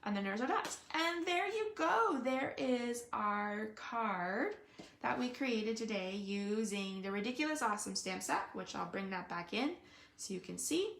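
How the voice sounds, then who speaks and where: A woman's voice: fairly high pitch, lively intonation, a little slow, fairly bright tone, a little hiss or hum. Chatty woman demoing crafts, echoey room. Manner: chatty, thinks aloud with many fillers. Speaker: card-making demonstrator. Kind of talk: casual live craft demonstration.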